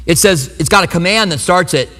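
A male pastor gives a loose, conversational sermon, humorously acting out his reactions as he tells stories. His high, bright voice moves a little fast and rings with the long reverb of a large church sanctuary.

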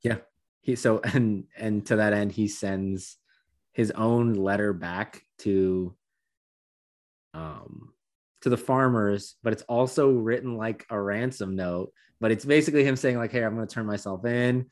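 Man, low voice, casual chat, animated. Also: measured pace. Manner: animated, laughing, acts out quotes. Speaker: podcast co-host.

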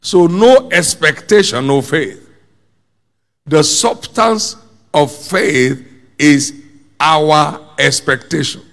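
Slow, gravelly preacher in a hall. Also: male voice, a little high, lively intonation, a bit bright. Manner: emphatic, repeating phrases, calls the congregation to answer. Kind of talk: sermon.

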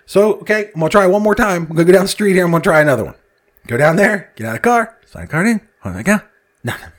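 A man with a fairly high voice spins a casual, comedic story, swearing freely and laughing as he goes. His delivery swoops up and down, and he slips into other people's voices to act out their lines. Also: expressive, fast. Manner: profane, exasperated, laughs while telling.

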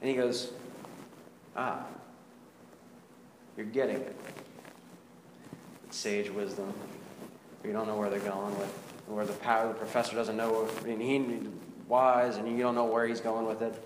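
A man's voice: lowish voice, level tone, moderate pace. Man preaching with a confessional tone in an echoey hall. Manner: confessional, asks the congregation rhetorical questions. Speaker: pastor. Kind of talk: conversational sermon. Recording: echoey hall with background noise.

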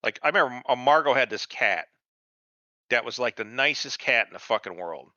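A man's voice: medium pitch, animated, fairly quick, pushed and bright, no echo. A man co-hosting a podcast in casual chat, rambling and swearing a lot. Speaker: podcast co-host. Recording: dull dry lo-fi sound.

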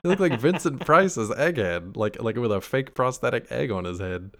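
A man's voice: medium pitch, lively intonation, normal speed. A man co-hosting a podcast, reviewing a show in easygoing casual chat and agreeing along. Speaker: podcast co-host.

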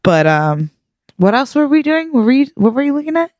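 A woman's voice: sits high, moderate pace, no echo. Chatty laughing woman podcast co-host. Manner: chatty, laughs often, animated storytelling. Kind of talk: casual chat.

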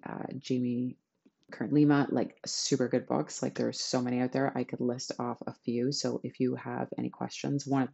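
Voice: medium pitch, gravelly, mellow, husky, dull audio. A podcast host giving a chatty, enthusiastic self-help talk to listeners.

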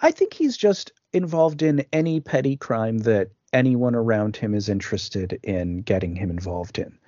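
A man's voice: on the low side, expressive, moderate pace, mellow, dry recording, lo-fi sound. A man co-hosting a podcast, talking through a film in casual chat, making pop-culture comparisons and restarting words often. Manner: analytical, makes pop-culture comparisons, repeats words when starting. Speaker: podcast co-host.

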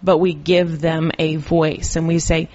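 A woman's voice: low voice, a little slow. A woman, a mother and guest on a podcast, talking casually and acting out little exchanges with her kids. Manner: lively, acts out child and parent voices. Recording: dull lo-fi audio.

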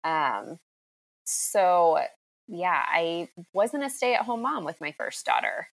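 Slow-speaking woman guest. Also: on the low side, vocal fry, rough recording. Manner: unhurried, relaxed, with fillers. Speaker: podcast guest. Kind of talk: casual interview answers.

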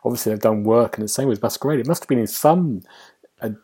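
A man's voice: medium pitch, quick pace, warm tone, breathy edge. A man hosting a casual games podcast, talking in a wry, musing way that often trails off. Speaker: podcast host and game reviewer.

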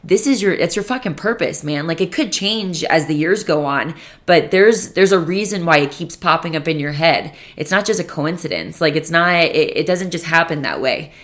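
A woman's voice: low-pitched, animated, normal speed, hardly any pauses, fairly bright tone. A young woman hosting her own podcast alone, rambling and swearing freely, with lots of "like" fillers, into a podcast microphone. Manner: rambling and profane, with many "like" fillers. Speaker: podcast host. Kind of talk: casual solo podcast monologue.

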